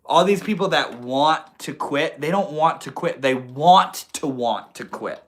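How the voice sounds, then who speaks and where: A man's voice: on the high side, animated, measured pace. A young man hosting a live stream in a casual, laid-back way, reading out and answering chat comments with lots of slang and swearing. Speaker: livestream host.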